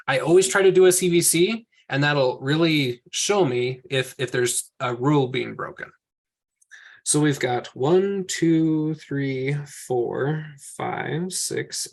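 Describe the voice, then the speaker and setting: A man teaching a class from slides, explaining each step patiently and thinking aloud as he works. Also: on the high side.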